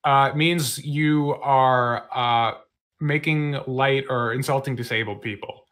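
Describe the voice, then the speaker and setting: Bright-voiced man telling a laid-back story. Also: medium pitch, steady tone, slow. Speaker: podcast co-host. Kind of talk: casual chat.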